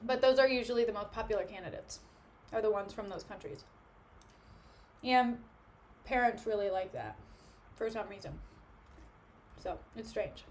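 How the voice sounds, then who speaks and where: A woman's voice: mid-range voice, moderate pace, long pauses, darkish tone, a little hiss or hum. A young woman chatting casually with her live-stream viewers from home, joking and snacking between remarks. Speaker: livestreamer. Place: at home, sitting on the floor.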